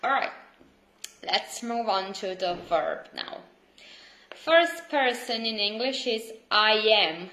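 A woman's voice: mid-range voice, lively intonation, slow, bright, forceful tone. A woman teaching a beginner language lesson, repeating words patiently and stressing each one. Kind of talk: slow, clear online language lesson.

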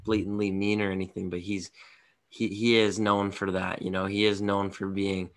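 Deep flat-voiced man, bright tone. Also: normal speed. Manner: rambling, blunt opinions. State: tired. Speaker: podcast co-host. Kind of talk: casual hockey podcast chat.

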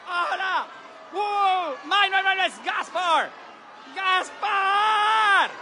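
High-voiced excited woman at a street parade. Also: normal speed. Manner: excitable, shouting greetings and names. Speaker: travel vlogger. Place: outdoors on a city street during a parade. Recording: outdoor crowd noise. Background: cheering crowd and street noise.

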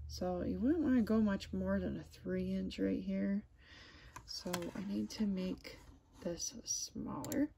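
A woman in her thirties casually walking through embroidery software at her home computer, hesitant and self-deprecating, with lots of ums. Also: medium pitch, fairly even intonation, slow pace, vocal fry, slight background noise. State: has the hiccups. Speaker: crafter demonstrating software. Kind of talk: casual screen-recorded tutorial.

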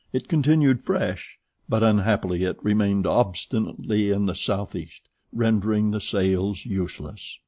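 Husky-voiced male audiobook narrator. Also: lowish voice, no room sound. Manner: steady, measured reading.

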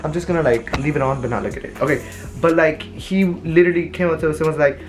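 A chatty young vlogger rambles through a shopping haul, telling stories in an animated way. Their medium-pitched voice moves at a quick pace over faint background music.

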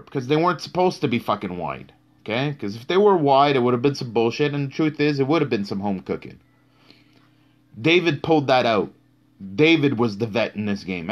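A man hosting a live-streamed boxing talk show, speaking bluntly and cursing heavily for emphasis. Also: mid-range voice. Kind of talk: live-streamed casual commentary.

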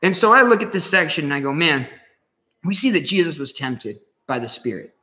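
Male pastor for a casual home Bible study, lively pitch, chatty and slangy. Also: a little fast, echoey room. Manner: animated, conversational, slangy.

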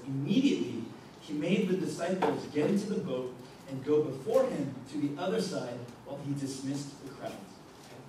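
A man's voice: on the high side, darkish tone, a little hiss or hum. A young man preaching to a youth group, reading scripture aloud and explaining it in a conversational way, often checking in with "okay?" and "right?". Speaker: youth pastor. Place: youth ministry meeting room. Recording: echoey room from far off.

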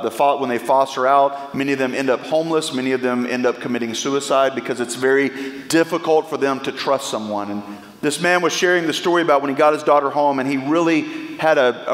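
A man preaching a sermon as pastor, speaking with impassioned, emphatic pleas. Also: mid-range voice. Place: church sanctuary. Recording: echoey church hall.

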